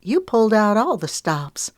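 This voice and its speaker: A spirited young country singer, newly married, whose lines ring out lifted and lively, as a woman narrating an audiobook puts her on. The voice sits above the low narration, with a dry, close sound. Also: measured pace, no echo. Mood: delighted. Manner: bright and lively, teasing. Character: playful spirited country-star bride.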